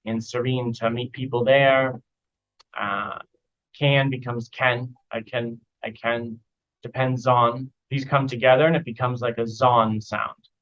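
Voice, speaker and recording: A man giving casual spoken feedback as an IELTS speaking teacher, relaxed and repeating example phrases to model how they sound. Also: mid-range voice, measured pace, dull audio. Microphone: online video call.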